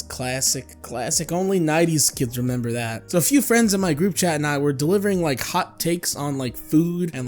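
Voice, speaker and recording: High-voiced sarcastic young man. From South Texas. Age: young adult. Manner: sarcastic, exaggerated, mocking put-on voices. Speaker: YouTuber. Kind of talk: comedic vlog monologue. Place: on his bed at home.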